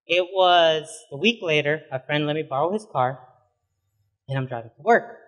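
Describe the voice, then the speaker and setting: Young man, pastor, preaching a sermon, casual, talks with lots of "you know", higher voice. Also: lively intonation, normal speed, lo-fi sound. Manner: conversational, with many "you know" fillers.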